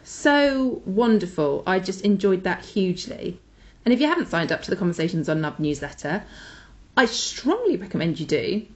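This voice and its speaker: A woman's voice: fairly low pitch, very animated, fairly quick, a little mellow. Enthusiastic woman podcast co-host. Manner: enthusiastic, gushing. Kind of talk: casual chat with recommendations.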